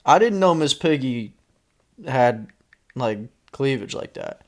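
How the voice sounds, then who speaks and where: A man hosting a casual drinks-and-chat podcast, teasing his co-host and wandering through loose, rambling stories with plenty of swearing. His voice sits at an ordinary middle pitch. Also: lively intonation, takes it slowly.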